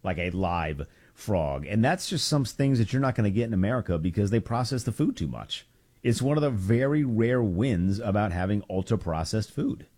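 A man's voice: lowish voice, moderate pace. A man co-hosting a casual podcast chat, telling stories with jokes and dry asides. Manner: joking, storytelling, deadpan asides. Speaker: co-host.

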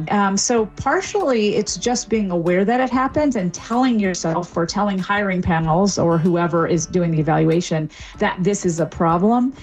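A woman's voice: mid-range voice, normal speed, few pauses. A middle-aged woman, a linguistics professor, explaining fluently as a guest on a radio interview, with small restarts.

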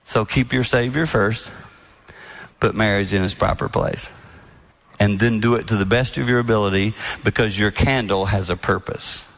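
A man giving a sermon-style talk on marriage to an audience, earnest and storytelling, sometimes acting out soft-spoken quotes. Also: lowish voice, steady tone, normal speed. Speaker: speaker on marriage.

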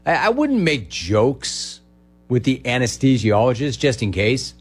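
A man hosting a call-in radio show, brash and quick, riffing and repeating words for comic effect. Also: medium pitch, sing-song, husky. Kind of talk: sports talk radio call-in.

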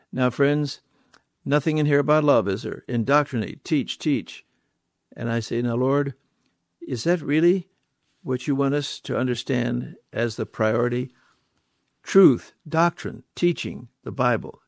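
A man's voice: mid-range voice, darkish tone, dry recording, studio quality. A man preaching a sermon, stressing points with repeated words and rhetorical questions.

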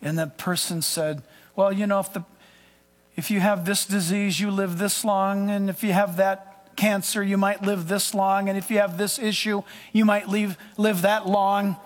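A high-pitched male pastor delivers a sermon with emphatic, dramatic swings from loud to hushed. His voice rings out with a long reverb tail, as if in a large sanctuary. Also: level tone, normal speed.

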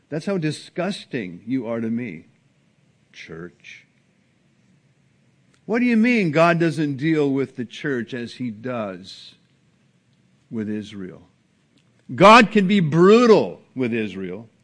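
Man preaching an earnest, dynamic sermon. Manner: earnest, with sudden rises and drops in pitch and volume. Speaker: pastor. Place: church sanctuary.

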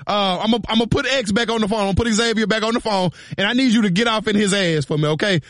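A man on a radio show doing a prank call, posing as a police officer in a slow, mock-serious, teasing way. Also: sits high, a bit bright, dry recording, studio quality. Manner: mock-serious, drawn-out, teasing with a slight drawl.

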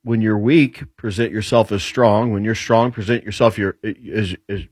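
A man speaking as a guest commentator on military affairs, laying out his points in a lively, rambling way. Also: lowish voice, moderate pace, breathy edge, no echo. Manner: lively explainer, rambling with restarts. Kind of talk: casual political talk.

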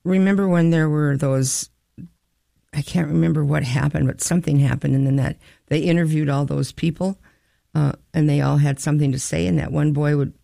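A woman's voice: low-pitched, fairly even intonation, fairly quick, gravelly, mellow, dry recording, clean studio sound. A woman co-hosting a casual radio-style chat, telling rambling stories. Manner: rambling, chatty storyteller. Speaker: co-host.

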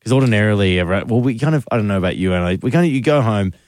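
A man's voice: on the low side, animated, rapid-fire, darkish tone. A man co-hosting a radio show, telling chatty stories and acting out the people he quotes. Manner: chatty, storytelling, acts out quotes. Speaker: radio host. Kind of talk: casual radio banter.

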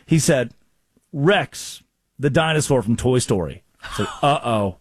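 A man hosting a casual comedic chat show, telling stories with lively voiced quotes. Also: medium pitch, a little slow, slightly rough, no echo. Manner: animated storytelling, voices quotes. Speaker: show host.

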